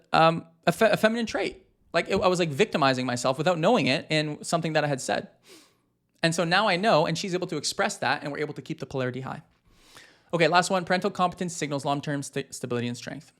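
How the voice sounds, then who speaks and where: A man's voice: fairly high pitch, very fast. A man in his thirties, a marriage coach, giving a direct and emphatic talk to husbands with frequent fillers.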